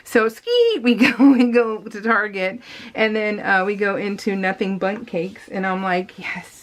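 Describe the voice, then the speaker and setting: A woman's voice: medium pitch, animated, measured pace. A woman telling a long story in a casual, rambling voice-over for her scrapbooking video, talking straight to her viewers with many fillers and restarts. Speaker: scrapbooking vlogger.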